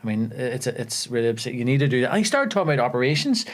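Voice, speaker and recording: A young man with a Belfast accent, an actor telling animated stories on a podcast and laughing often. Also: mid-range voice, very fast. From Northern Ireland. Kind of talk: casual storytelling chat. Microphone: podcast studio mic.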